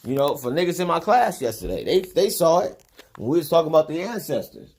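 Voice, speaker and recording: A man's voice: fairly high pitch, very animated, a little fast, darkish tone, a little hiss or hum. A man hosting a casual livestream who tells rambling, profane stories in a loose, offhand way. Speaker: livestream host and spiritual teacher.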